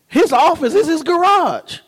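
High-voiced preacher man in a reverberant hall. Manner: animated, keeps asking the congregation if they follow; humorous storytelling with laughs. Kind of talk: sermon. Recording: long reverb of a large hall.

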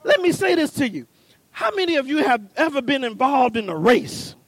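A man preaching a sermon, building from calm teaching to fervent shouting, with a folksy, punchy way of talking straight to the congregation. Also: extremely high pitch, moderate pace, no echo.

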